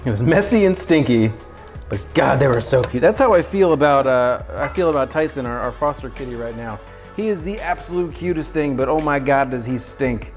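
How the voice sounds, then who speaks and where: A man's voice: mid-range voice, animated, brisk, soft background music. A man chatting casually on a cooking livestream from his home kitchen, joking and poking fun at himself. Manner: joking, self-mocking, chatty. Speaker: streamer cooking live.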